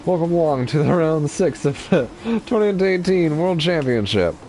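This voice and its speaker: A man's voice: a little high, lively intonation, moderate pace, darkish tone, slight background noise, pitched above the performer's own voice, close to an everyday voice. A man putting on a British accent to voice a formal race announcer. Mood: announcing. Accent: put-on British.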